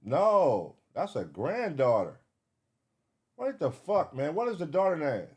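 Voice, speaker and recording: A man giving live reaction commentary, excitable, swearing and thinking aloud as he searches. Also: a little high, measured pace, breathy edge. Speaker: reaction streamer.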